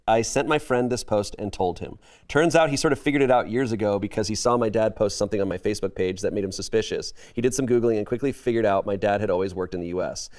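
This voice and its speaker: A man's voice: fairly low pitch, a little mellow. A man reading a story and comments aloud as a comedy podcast host, breaking off into laughter now and then. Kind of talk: reading posts aloud, casual podcast chat.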